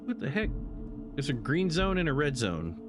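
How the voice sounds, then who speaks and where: A man's voice: a little high, sing-song, moderate pace, music in the background. A man casually commenting on his first playthrough of a game, chatty and laughing often. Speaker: gaming channel host. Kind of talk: casual let's-play commentary.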